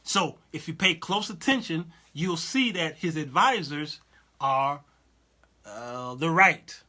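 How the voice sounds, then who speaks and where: Talk show host: bright, animated man; repeats himself, keeps asking "you understand?". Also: fairly high pitch, takes it slowly. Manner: animated, repetitive, asks listeners "you understand what I'm saying?"; reads and answers viewer comments aloud. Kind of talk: casual Christian talk show commentary.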